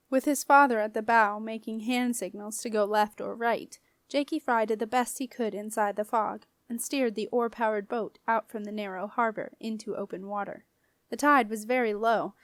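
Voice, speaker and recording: A woman narrates a children's fantasy audiobook in a clear, even storytelling voice. Her pitch sits a little high for a woman, and the recording is close and dry with no room sound. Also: moderate pace, dry recording. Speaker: audiobook reader.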